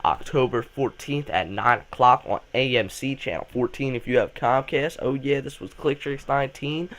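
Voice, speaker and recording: A young man talks eagerly in a loose, rambling fan vlog, stumbling over restarts and piling on filler words. His voice sits at an ordinary middle pitch. He is coming down with a cold. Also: normal speed, a bit bright. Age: student. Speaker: channel host. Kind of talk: casual fan vlog commentary.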